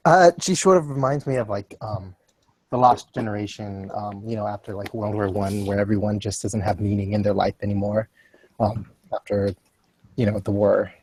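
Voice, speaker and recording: A young man with a fairly low voice, speaking hesitantly on a group call. He pauses often and fills the gaps with um and uh. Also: steady tone, a little mellow, husky, no room sound, poor audio. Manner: hesitant, many fillers. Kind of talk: casual group chat on a voice call.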